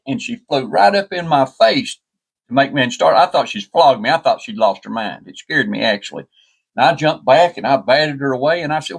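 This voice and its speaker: A man's voice: mid-range voice, lively intonation, normal speed, gravelly, husky. A man telling a story in a folksy, rambling way, often restarting with "and, and". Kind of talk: casual spoken storytelling.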